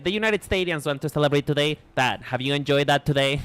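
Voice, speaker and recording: A man's voice: a little high, quick pace, few pauses, fairly bright tone, smooth. A man with a Mexican accent, a native Spanish speaker, chatting casually on a live stream in a playful, rambling way full of restarts. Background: faint music.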